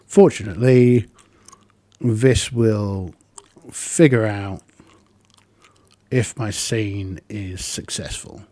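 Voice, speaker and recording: A man's voice: on the low side, very slow, pauses often, dark tone, no room sound. A man narrating his solo tabletop game, thinking aloud with plenty of ums.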